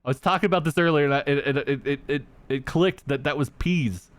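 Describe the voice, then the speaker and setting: Speaking fairly quickly in a fairly high-pitched voice, a young man streams a tabletop game and keeps up a casual livestream chat. He rants animatedly and profanely at his viewers, and the recording is dry.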